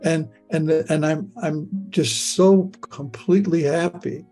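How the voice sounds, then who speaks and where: A man's voice: on the high side, steady tone, slow pace, mellow, slightly rough, faint music behind. An older man telling a personal story in the present tense, stammering and repeating words as he goes. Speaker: near-death experience storyteller.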